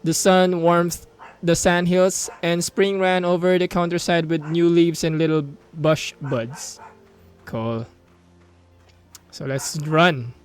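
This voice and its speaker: A young Filipino-accented gaming YouTuber plays a mobile game, excitedly reading its on-screen story text aloud, cheering, and mixing in Tagalog asides. His voice is a little high and smooth, he takes it slowly, and faint music plays behind him.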